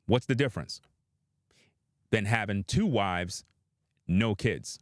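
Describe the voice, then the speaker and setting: A man's voice: on the low side, animated, slow pace, long pauses, no echo, clean studio sound. A man giving opinionated reaction commentary, blunt and profane, addressing his viewers directly.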